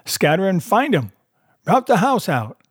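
A man's voice: a little high, animated, unhurried, no room sound, clean studio sound, voice pushed up. A man barking as a furious blind old pirate. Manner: barking commands, cursing.

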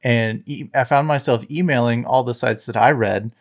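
A man's voice: mid-range voice, moderate pace. A man on a podcast as a guest, reminiscing casually in a rambling way, full of fillers and restarts. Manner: rambling, filler-heavy storytelling. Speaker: podcast guest, tech site founder.

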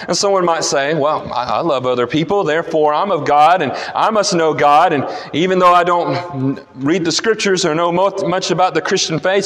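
A man's voice: fairly high pitch, moderate pace, few pauses. Preaching man in an echoing hall. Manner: builds from a soft prayer to an emphatic preaching voice. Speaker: pastor. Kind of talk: sermon. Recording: long hall reverb.

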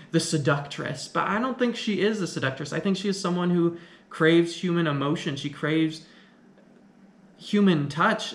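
A man's voice: on the high side, a bit bright. Rambling man recapping a film. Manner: conversational, rambling, with frequent restarts. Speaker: film reviewer. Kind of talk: casual film recap and commentary. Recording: echoey room.

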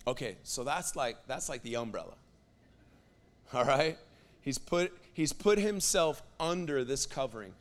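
A young man preaching a sermon. He talks casually with lots of "like" and builds to loud, passionate declarations. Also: mid-range voice, animated, measured pace. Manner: impassioned, builds to loud prophetic declarations with fillers like "like".

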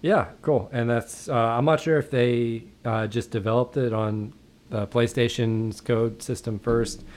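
A man's voice: medium pitch, a little slow. A man co-hosting a gaming podcast, chatting casually with a lot of hesitant fillers. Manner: relaxed, hesitant, with many fillers. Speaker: podcast co-host. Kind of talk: casual chat.

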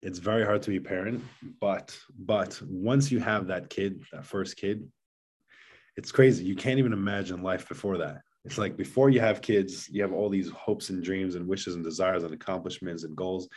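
A middle-aged man with a very low voice speaks earnestly in a relaxed podcast chat. He often restarts and repeats himself as he searches for words. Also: normal speed, breathy edge. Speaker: guest, father of seven. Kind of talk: casual podcast conversation.

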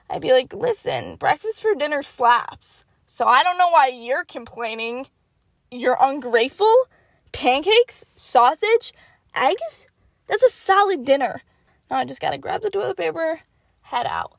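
An eighteen-year-old woman telling a story in a casual, animated way, acting out her thoughts in hushed asides. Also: sits high, normal speed, vocal fry, dry recording. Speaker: vlogger.

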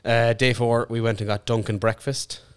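A man's voice: mid-range voice, little pitch movement, moderate pace, smooth. A young Irish man, a podcast co-host, telling rambling, sweary stories in casual chat.

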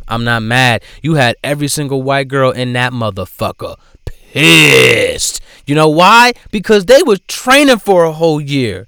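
A man giving casual commentary in a profane, animated way, swinging between loud outbursts and low asides. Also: clean tone, dry recording, studio quality. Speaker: vlogger.

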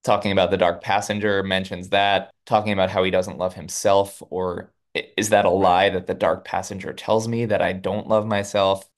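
Man, lowish voice, animated casual recapper, podcast co-host. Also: moderate pace, few pauses. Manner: animated retelling with laughs and playful quotes.

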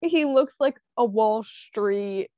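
High, lively-voiced woman co-host. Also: dry recording, lo-fi sound. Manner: slow, drawn-out, agreeable, laughs often. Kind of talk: casual chat.

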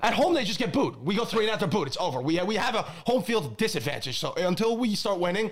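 A man co-hosting a casual sports chat who gets worked up and shouts mid-rant. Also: sits high, very animated, fast talker, crowd noise. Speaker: podcast co-host.

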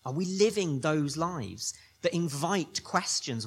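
Male pastor, husky, higher register, emphatic sermon delivery. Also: lively intonation, slow. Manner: emphatic, building rhetorical repetition.

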